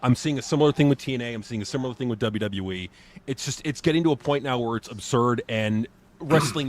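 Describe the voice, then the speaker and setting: A man co-hosting a live wrestling reaction, ranting bluntly with lots of swearing. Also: medium pitch. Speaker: co-host. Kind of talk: casual live reaction chat.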